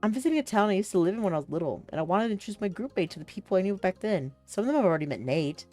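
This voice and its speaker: A woman's voice: fairly high pitch, very animated, a little fast, faint music behind, voice pushed up. A woman voicing Shiloh, a chipper, eager young man in a game she reads aloud. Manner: bright and upbeat.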